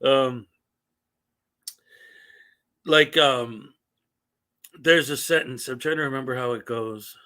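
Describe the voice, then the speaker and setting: A man's voice: mid-range voice, takes it slowly, pauses often, pushed and bright. Chatty man hosting a livestream. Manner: rambling, chatty, greets chat viewers. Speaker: livestream host. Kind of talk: casual livestream chat.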